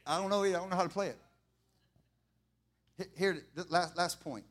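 High, bright-voiced impassioned preacher man. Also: fairly quick, pauses often. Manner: impassioned preaching, builds to shouting, repeats lines. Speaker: pastor. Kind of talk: sermon.

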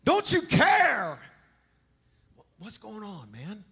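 Guy doing freaked out disciples yelling way up high. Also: wildly swooping pitch, very slow, exaggerated voice. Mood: panicked. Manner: shrill, shouting, exasperated. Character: panicked frightened male disciples in a storm.

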